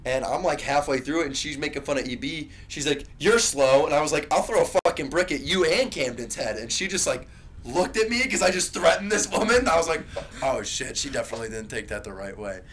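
Young male podcast co-host, slightly high voice, very lively pitch, swears freely, tells rambling stories. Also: brisk, slight background noise. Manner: profane rambling storytelling, loud bursts. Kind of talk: casual chat.

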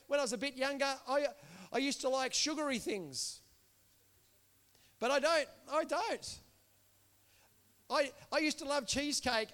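A man's voice: very high-pitched, a bit bright. A man preaching a sermon to a congregation, earnest and repetitive, building to impassioned calls. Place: church.

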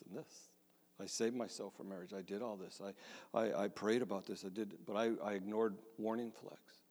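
A man's voice: lowish voice, darkish tone. A middle-aged man, a pastor, telling his own story in a sermon with a conversational, self-deprecating manner and frequent restarts. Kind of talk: sermon testimony. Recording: long hall reverb.

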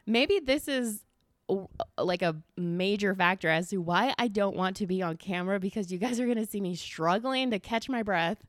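A woman hosting a casual solo podcast, talking fast and running short of breath, chatty and full of "like" and casual swearing. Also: medium pitch, no echo. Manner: talks fast without pausing for breath, gets winded. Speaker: podcast host.

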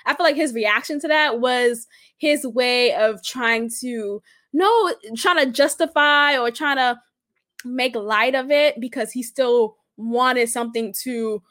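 A woman hosting a podcast, telling a story in a blunt, profane, animated way with big swooping exclamations. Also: on the high side, takes it slowly, dry recording, clean studio sound. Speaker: podcast host. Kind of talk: casual storytelling monologue.

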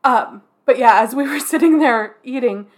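A woman co-hosting a podcast, chatting casually in a relaxed way with dry asides. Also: sits high, moderate pace, a little hiss or hum. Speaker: podcast co-host. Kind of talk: casual chat.

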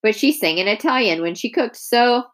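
A woman reading aloud voices a gruff, reclusive older woman who speaks bluntly and dryly. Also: on the high side, lively intonation, normal speed, a bit bright, voice pushed up. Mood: wry.

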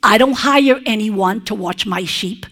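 A woman's voice: mid-range voice, a little slow, a bit bright. A woman preaching a sermon with prayer. She speaks emphatically and expressively, and often turns to the congregation with conversational asides to check they are following.

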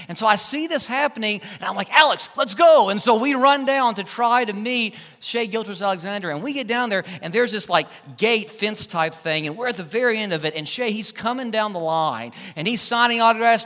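Male preacher, high and bright, emphatic storyteller, church-hall echo. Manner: animated, emphatic storyteller who swings between loud and hushed. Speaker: pastor. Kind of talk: sermon with personal storytelling. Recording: long church-hall reverb.

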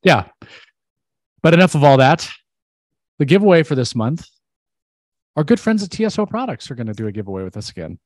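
A man's voice: on the high side, big pitch swings, brisk, long pauses, no echo. A man co-hosting a casual podcast, rambling with lots of fillers and restarts. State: out of breath. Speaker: podcast co-host. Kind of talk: casual chat.

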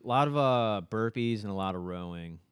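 A man in his twenties co-hosting a podcast, chatting casually and haltingly with lots of fillers and swearing. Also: lowish voice, lively intonation, smooth, no echo, studio quality. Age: 20s. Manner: laid-back, halting with many fillers and swearing. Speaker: podcast co-host. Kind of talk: casual chat.

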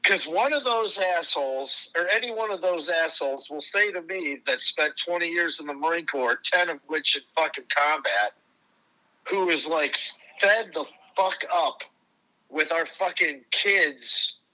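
A middle-aged man from the United States rants with fury, swearing constantly and pressing for agreement. His voice is very bright and tense, sitting fairly high. He talks as a podcast guest. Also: lively intonation, unhurried, poor audio. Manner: furious, heavy swearing, repeated "right?". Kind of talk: profane angry rant.

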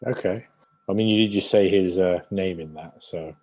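A man co-hosting a comedy podcast, teasing and dry in a slow, deliberate manner. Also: low-pitched, warm tone. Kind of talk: comedic casual chat.

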